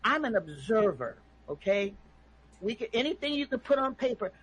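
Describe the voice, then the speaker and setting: A woman's voice: on the high side, sing-song, normal speed, slight background noise, low-quality recording. A woman calling in, talking emphatically and preachily about her views and often asking "okay?". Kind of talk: impassioned opinion talk.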